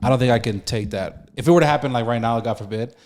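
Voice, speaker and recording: Young male podcast co-host, mid-pitched, rambling and heartfelt, casual slangy talk. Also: fast talker, a little mellow. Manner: rambling, emotional, lots of restarts and slang. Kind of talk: casual chat.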